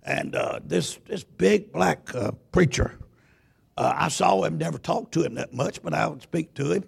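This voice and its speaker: A man preaching a sermon in a church. He is a loud, folksy Baptist pastor who tells stories with stammering restarts. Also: on the high side, moderate pace, gravelly, slightly rough. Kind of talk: sermon with storytelling.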